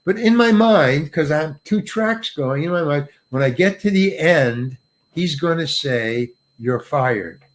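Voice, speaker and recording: A man's voice: fairly high pitch, animated, a little slow. An older male actor telling a self-mocking anecdote in an interview, acting out the people he quotes. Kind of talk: storytelling in an interview.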